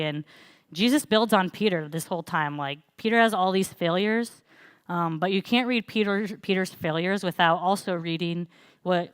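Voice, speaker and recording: A young woman with a lowish voice gives a casual, story-driven sermon full of little fillers. The sound is dry and close, with no room echo. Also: clean tone. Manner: conversational, storytelling with frequent fillers. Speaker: pastor. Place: church.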